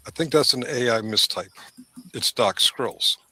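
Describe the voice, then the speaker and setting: A man's voice: medium pitch, moderate pace, pushed and bright, no echo. A man hosting a live stream, with rambling, sarcastic commentary into a desk microphone. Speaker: stream host.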